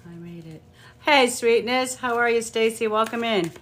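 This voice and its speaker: A woman's voice: a little high, moderate pace, a bit bright, a little hiss or hum. A middle-aged woman reading tarot cards on a live stream, chatting casually, greeting viewers by name and muttering asides to herself. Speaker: tarot card reader.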